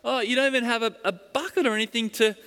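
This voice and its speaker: A man's voice: very high voice, steady tone, fast talker, sharp tone, voice pushed up, exaggerated voice. A man voicing a sassy, scoffing village woman. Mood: incredulous. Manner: incredulous, scoffing questions. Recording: long hall reverb.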